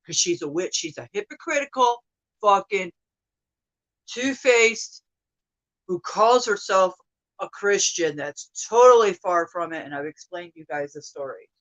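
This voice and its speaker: A woman in her thirties venting to her viewers in an upset, profane monologue that swings from loud outbursts to hushed mutters. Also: fairly low pitch, measured pace, rough recording. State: upset, emotional. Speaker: vlogger.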